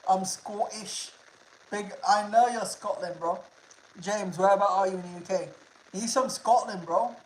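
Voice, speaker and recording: A man's voice: high-pitched, moderate pace, a little hiss or hum. A young man from the United Kingdom, chatting casually with his livestream viewers, swearing freely and repeating himself. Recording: roomy echo.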